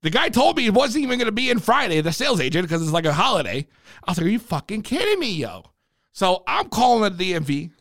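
A man telling a profane, animated rant about buying a car, in casual storytime style. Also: high voice, fast, no room sound, clean studio sound. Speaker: vlogger.

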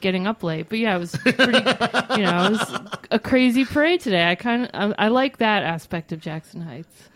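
Woman, co-host, mid pitch, sardonic, storytelling, chuckles. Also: lively intonation, moderate pace, fairly bright tone, no room sound. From Pennsylvania. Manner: sardonic storytelling, laughs while talking. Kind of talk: casual banter.

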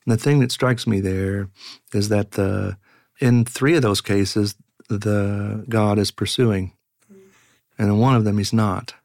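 A middle-aged man, a pastor, telling reflective stories in an earnest, halting way with many fillers. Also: on the low side, steady tone, vocal fry, darkish tone, no room sound, studio quality. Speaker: pastor and guest. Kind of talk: reflective conversational storytelling.

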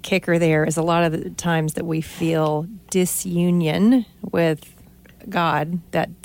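A woman's voice: fairly low pitch, fairly even intonation, takes it slowly, a little mellow. A woman co-hosting a podcast, adding reflective comments and playful asides in a casual theology talk. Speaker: podcast co-host.

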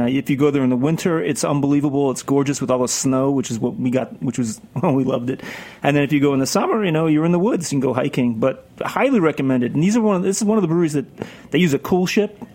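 A man's voice: a little high, darkish tone. A man in a radio studio, rambling through anecdotes in casual chat and laughing often. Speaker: podcast host and guest.

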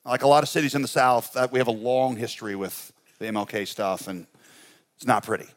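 Man preaching an animated storytelling sermon. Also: brisk. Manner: animated, conversational storytelling with humor; pitch rises high when excited, drops low and soft when reflective. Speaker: pastor. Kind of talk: storytelling sermon at a ministry conference.

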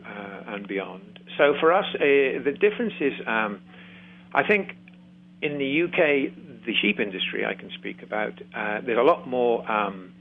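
A man from Shropshire with an English accent, a guest speaking on a radio show from afar, thoughtful and halting with frequent ums. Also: mid-range voice, sing-song. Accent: English, West Midlands (Shropshire). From England. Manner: hesitant, many ums and restarts, jokey. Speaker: guest, former sheep farmer. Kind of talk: casual radio interview. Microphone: remote phone line. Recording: tinny phone line.

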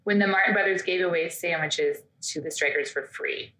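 A woman's voice: lowish voice, brisk, bright, forceful tone, echoey room, poor audio. A woman co-hosting a podcast, chatting casually and telling stories with quoted asides. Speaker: podcast co-host. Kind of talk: casual chat.

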